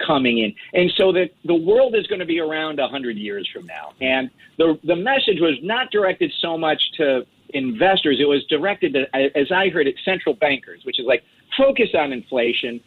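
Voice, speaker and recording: A man's voice: fairly high pitch, sing-song, moderate pace, slightly rough. Chatty man on a phone line. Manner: talkative, many restarts and fillers. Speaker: guest commentator. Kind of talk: casual chat.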